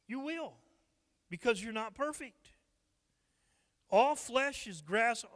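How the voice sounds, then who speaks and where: A man's voice: extremely high pitch, animated, takes it slowly, fairly bright tone. A man with a Midwestern American accent, a pastor teaching a Bible study, reading scripture aloud and explaining it with humorous asides. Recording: reverberant church sanctuary.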